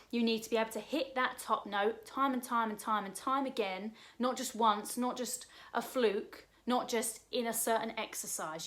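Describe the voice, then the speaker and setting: A woman's voice: a little high, a bit bright. A woman in her thirties with an Essex accent, giving casual career advice from her sofa in a direct, chatty way. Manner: chatty, direct, asks the viewer questions. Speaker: performer sharing career advice. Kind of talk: casual advice chat to camera. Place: home sofa.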